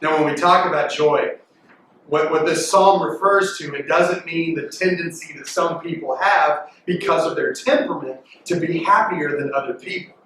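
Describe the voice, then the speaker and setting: A man preaching a lively, joking sermon to teenagers, with sudden loud outbursts when he acts out reactions. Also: a little high, normal speed, slight background noise. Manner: animated and jokey, bursts into loud mimicking. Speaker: youth pastor. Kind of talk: youth sermon. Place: large echoey worship hall. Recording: distant mic in reverberant hall.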